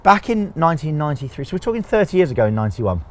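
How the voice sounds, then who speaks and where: A man's voice: fairly high pitch, sing-song, rapid-fire. A man co-hosting a casual chat, explaining things step by step with jokes along the way. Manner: chatty, jokey, explaining step by step. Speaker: co-host.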